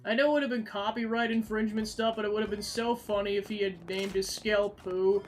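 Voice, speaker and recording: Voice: mid-range voice, fairly even intonation, fairly quick, soft background music. A gaming channel host giving casual, jokey let's-play commentary. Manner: jokey asides with laughter.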